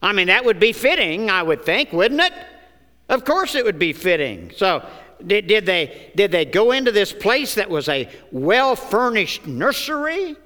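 A man's high, bright preaching voice that moves at an unhurried pace. He leads a church in call-and-response and mixes humor into his sermon. The sanctuary's long reverb trails behind every word. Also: big pitch swings. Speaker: pastor.

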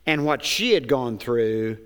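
A man's voice: medium pitch, expressive, slow, smooth. A male pastor preaching a sermon in a church sanctuary. He calls out questions for the congregation to answer and slips in joking asides. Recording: long church hall reverb.

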